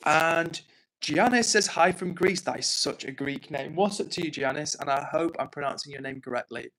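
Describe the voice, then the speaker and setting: An English man hosting a livestream from home, chatting casually and reading out comments in an excitable, quick way. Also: on the high side, rough recording. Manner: excitable, fast-talking. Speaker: livestream host.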